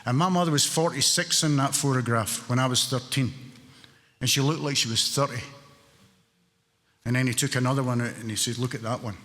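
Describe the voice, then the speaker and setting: A man's voice: medium pitch, fairly quick, long pauses. Glaswegian man, wry storyteller, echoey hall. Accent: Glaswegian Scottish. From Scotland. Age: 60s. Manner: wry, joking, animated storytelling. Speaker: AA meeting speaker. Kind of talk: recovery share, storytelling. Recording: reverberant hall.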